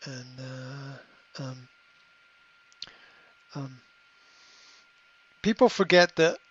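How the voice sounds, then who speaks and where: A middle-aged man hosting a podcast, giving a motivational monologue in a halting way, repeating words and filling pauses with ums. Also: medium pitch, slightly rough, no room sound. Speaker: podcast host. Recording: slightly dull lo-fi audio.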